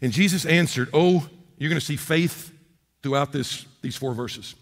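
A man preaching a sermon as a pastor, impassioned and swinging from loud to hushed. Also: a little high, moderate pace, long reverb tail.

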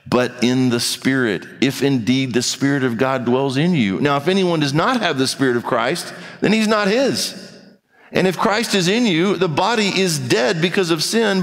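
A man's voice: medium pitch, in a large hall. A man preaching a sermon, reading scripture aloud and pressing his points with emphatic repetition. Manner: emphatic preaching, repeats key phrases. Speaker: pastor.

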